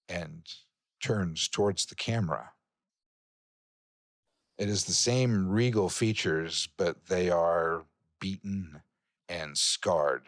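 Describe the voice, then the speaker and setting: A man running a horror tabletop game as game master, narrating slowly and sometimes dropping to a whisper. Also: low-pitched, no echo, studio quality. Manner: slow, hushed narration that drops to a whisper.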